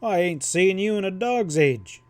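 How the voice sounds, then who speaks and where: A man's voice: on the high side, sing-song, moderate pace, mellow, no echo, voice pushed up. A man voicing a shrewd, grinning rancher and former lawman who teases his old friends. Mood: teasing. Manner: teasing, shrewd.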